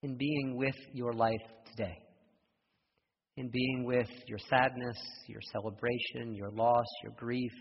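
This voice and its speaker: A man preaching a sermon, telling a story with rising intensity and closing in soft prayer. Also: medium pitch, little pitch movement, a little slow, husky. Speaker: pastor. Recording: dull echoey hall from far off.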